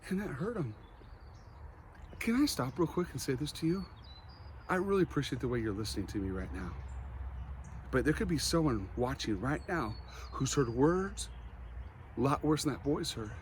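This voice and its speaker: Man, motivational speaker, earnest storytelling, slight stutter, slightly high voice, faint background hum. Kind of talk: emotional storytelling speech.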